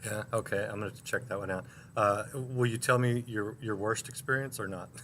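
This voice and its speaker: A man hosting a talk show, asking questions with quick, jokey banter. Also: on the low side, fairly even intonation, fairly bright tone, slight background noise. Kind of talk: casual interview chat.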